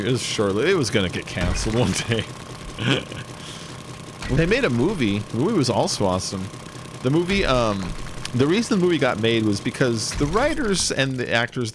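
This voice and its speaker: A man chatting casually while playing a game, laughing as he retells comedy bits. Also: no echo. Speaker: gameplay streamer. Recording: noisy with engine rumble.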